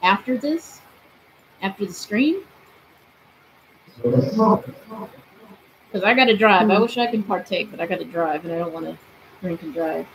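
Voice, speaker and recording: A woman's voice: mid-range voice, animated, measured pace, long pauses, background noise. Chatty young woman talking to spirits. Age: 20s. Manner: chatty, asks spirits questions aloud. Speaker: paranormal streamer. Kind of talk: casual live-stream chat. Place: bedroom.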